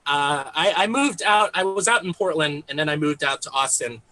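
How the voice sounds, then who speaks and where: A man's voice: on the high side, moderate pace, bright, forceful tone, poor audio. A man in his thirties from Texas doing a conversational stand-up set, laughing at his own jokes. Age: 30s. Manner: conversational, with fillers and self-amused laughs. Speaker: stand-up comedian.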